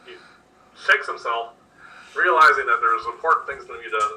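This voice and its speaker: A man's voice: medium pitch, moderate pace, pushed and bright. A man narrating as game master, describing scenes in an easygoing way with lots of fillers. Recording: distant mic with faint noise.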